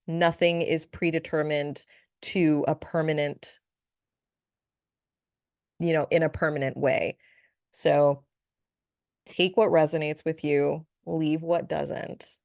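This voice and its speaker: A woman's voice: sits low, steady tone, slow pace, creaky, pauses often, a little mellow, clear, resonant tone, no echo, clean studio sound. A woman hosting a solo spiritual podcast, talking in a chatty, playful way with frequent giggles and asides. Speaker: podcast host, spiritual reader.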